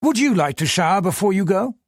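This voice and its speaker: A man's voice: high-pitched, sing-song, fairly quick, no echo, clean studio sound, voice pushed up, full character voice. A man voicing an older British colonial governor, clipped and upper-class, drifting into wistful brooding. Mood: brisk, clipped.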